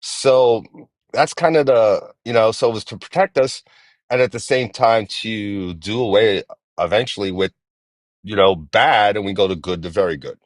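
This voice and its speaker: Halting low-voiced man in his forties. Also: dry recording. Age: 40s. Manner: halting, restarts and repeats phrases. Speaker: guest caller. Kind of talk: live-stream debate.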